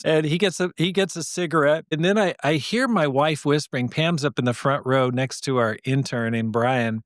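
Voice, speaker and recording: Animated man telling a story, dry sound. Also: fairly high pitch, a little fast, few pauses, no room sound. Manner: animated storyteller, acts out quoted voices. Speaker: podcast host and pastor. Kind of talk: storytelling podcast.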